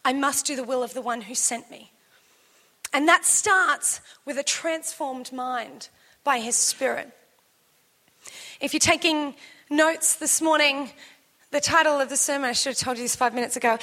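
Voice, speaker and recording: A woman in her thirties preaching a sermon, telling a lively personal story and shouting as she acts it out. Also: sits high, normal speed, pauses often.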